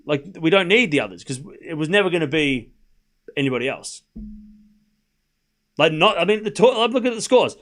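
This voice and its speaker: This stream host and tennis commentator keeps things casual during a live watchalong, rambling, asking rhetorical questions, and making sarcastic asides to chat between score calls. His voice is a little high and a bit bright, with lively intonation, normal speed, and long pauses.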